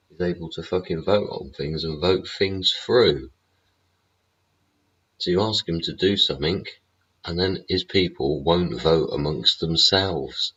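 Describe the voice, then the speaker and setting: A British man with an extremely deep, husky voice rants about politics on his livestream, blunt and full of swearing. He keeps checking in with rhetorical tags. The audio is dull and lo-fi, like a cheap stream mic. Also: fairly bright tone. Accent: British English. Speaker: livestream host.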